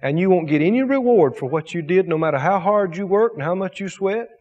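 A man's voice: sits high, lively intonation, fairly quick, a little mellow, big-room sound, muffled recording. A man preaching a sermon as pastor, emphatic, with repetition and rhetorical questions.

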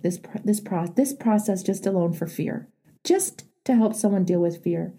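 Mellow, husky-voiced woman coach. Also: medium pitch. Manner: directive, prompting and encouraging. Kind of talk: live group coaching session.

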